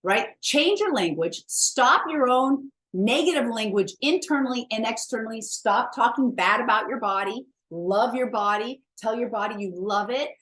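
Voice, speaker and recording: A woman's voice: fairly high pitch, lively intonation, normal speed, few pauses, a bit bright. A woman wellness coach giving a chatty, emphatic motivational talk, blunt and self-mocking, with the odd swear word.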